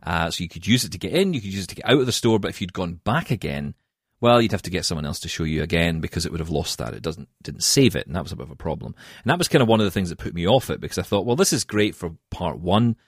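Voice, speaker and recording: A man with a Scottish accent, chatting on a podcast in a self-mocking, animated way. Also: low-pitched, very fast, breathy edge, no room sound, clean studio sound. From Scotland. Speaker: podcast co-host. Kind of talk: casual chat.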